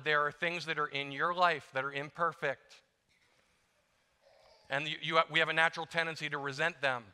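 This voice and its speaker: A man's voice: a little high, bright, forceful tone, smooth. A middle-aged man preaching as a guest speaker, talking in a conversational, self-deprecating way and acting out little prayers. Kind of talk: sermon. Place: church sanctuary. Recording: long church reverb.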